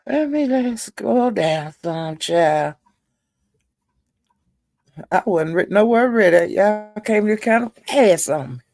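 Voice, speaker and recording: A woman's voice: medium pitch, lively intonation, slow, creaky, pauses often, darkish tone, no echo. A woman hosting a livestream, retelling an online feud in a chatty, gossipy way and calling her listeners "child". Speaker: livestream host.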